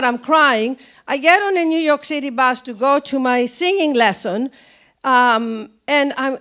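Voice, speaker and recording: Greek-accented woman, motivational speaker, lively storytelling with big swings in her voice. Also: sits high. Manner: animated storytelling, swooping up and down. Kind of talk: motivational talk.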